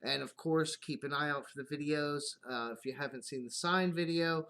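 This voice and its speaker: A man in his thirties hosts his own live stream, chatting casually in a slightly high voice. He rambles, swears freely and laughs at his own stories about home life. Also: steady tone, moderate pace, a bit bright, clean tone. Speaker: YouTube channel host.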